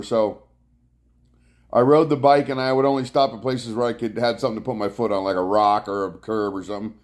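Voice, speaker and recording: A man's voice: medium pitch, darkish tone. A man hosts a laid-back live stream from his couch at home. He greets viewers one by one and drifts from topic to topic in easy, rambling chat. His voice comes through a clip-on mic. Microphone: clip-on mic worn from bike riding.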